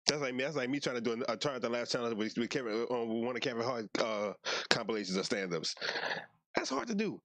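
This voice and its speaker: A man's voice: mid-range voice, animated, quick pace, a bit bright, no room sound. A young man doing casual reaction commentary in a slangy, laid-back way, mostly talking to himself. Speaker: YouTuber.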